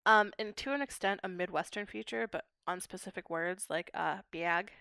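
Interviewed on a podcast, this young adult linguistics PhD student from Pittsburgh, USA, describes her research in an articulate, academic manner. Her medium-pitched voice is gravelly with a sharp tone, at normal speed, captured dry with clean studio sound.

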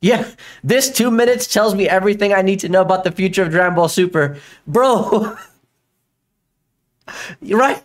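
A young man with a fairly high voice rants through a live reaction stream, exasperated and swearing, loud and laughing in disbelief. His throat is sore from all the yelling. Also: moderate pace, pauses often. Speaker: YouTube commentator reacting to a video.

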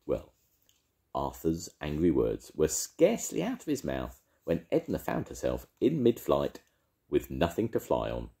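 An older man reading a children's story aloud with gentle, expressive storytelling. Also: very deep voice, a little slow, creaky.

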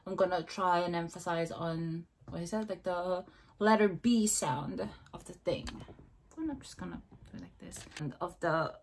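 A woman's voice: lowish voice, moderate pace, a little hiss or hum. A woman vlogging casually and talking to herself, hesitant, repeating beatbox syllables over and over.

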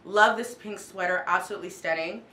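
A woman's voice: on the low side, brisk, bright, forceful tone, reverberant, a little hiss or hum. A woman fashion vlogger talking casually through her outfits, gushing with enthusiasm and repeating her praise. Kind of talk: casual haul vlog.

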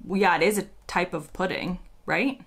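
An American woman, a vlogger, chatting casually and playfully as she reads quiz questions aloud and thinks out loud. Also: fairly low pitch, moderate pace, slightly rough. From United States.

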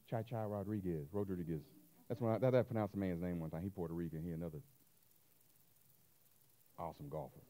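A man preaching a sermon as pastor, animated and colloquial, acting out little scenes as he goes. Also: lowish voice.

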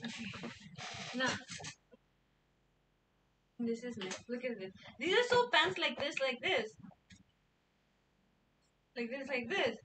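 A young woman streamer from India chats on her stream in a high, bright voice, slow and drawn out. She is playful and giggly and keeps repeating words. The sound is close on a streaming mic. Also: very animated, a little hiss or hum. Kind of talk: casual livestream chat.

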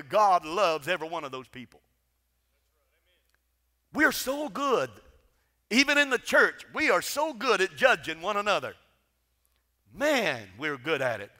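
A man preaching a sermon, swinging between emphatic calls and hushed, quiet passages. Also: high-pitched. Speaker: pastor. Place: large church. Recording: church sanctuary with long reverb.

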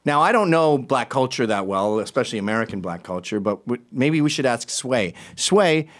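Animated sarcastic male talk host. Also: mid-range voice, normal speed. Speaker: show host. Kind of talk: casual commentary on tweets.

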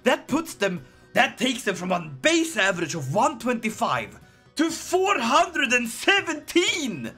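An excitable man narrates his strategy game in a slightly husky, bright voice, jumping up and down in pitch. He jokes constantly and bursts into shouts when things go his way. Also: normal speed, faint music behind. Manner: excitable and jokey, with sudden shouted outbursts. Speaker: gaming video creator. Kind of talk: gameplay commentary.

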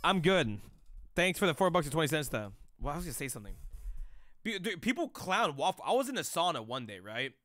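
Young dude streamer, pretty high voice, dry sound, rambly, cusses a lot, just chatting. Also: male voice, sing-song, a little fast, fairly bright tone, dry recording. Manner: loose, profane, rambling slang talk. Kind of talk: casual live-stream chat.

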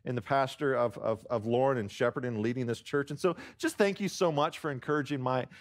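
A man's voice: medium pitch, fairly quick. A man speaking as a guest pastor in a church, joking with the congregation and drawing answers from them, often restarting his sentences. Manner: jokey, warm-hearted, self-deprecating, lots of restarts. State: choked up near tears. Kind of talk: sermon with congregation call-and-response. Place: church sanctuary.

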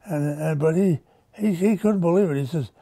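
A man's voice: fairly high pitch, normal speed, gravelly, mellow, dry recording. A man in his nineties, a war veteran giving an oral-history interview in a folksy, rambling storytelling manner. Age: 90s.

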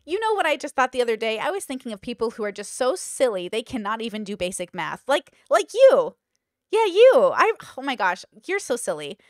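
A woman's voice: fairly high pitch, very animated, fast, few pauses, no echo, studio quality. A woman voicing a falsely sweet, catty woman friend who gushes while making put-downs. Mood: sugary catty. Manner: gushing, sugary put-downs.

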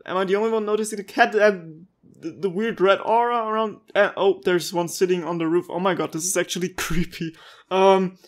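A woman's voice: medium pitch, fairly even intonation, a little fast. A woman commenting casually while playing a video game, wondering aloud and chatting. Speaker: gaming youtuber. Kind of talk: casual let's-play commentary.

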